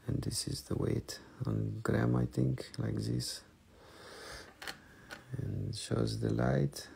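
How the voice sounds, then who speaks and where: Playful man, Russian accent, selling crystals on a live stream, slow and unhurried. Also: lowish voice, flat delivery, creaky, mellow, husky. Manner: playful, broken English. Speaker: online crystal seller. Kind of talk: live-stream sales show.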